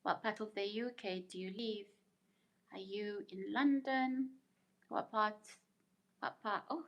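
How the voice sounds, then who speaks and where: A woman's voice: medium pitch, takes it slowly, pauses often, a bit bright. A middle-aged woman hosting a live stream, chatting casually, laughing often and answering viewer comments as she reads them out. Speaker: livestream host reading viewer comments.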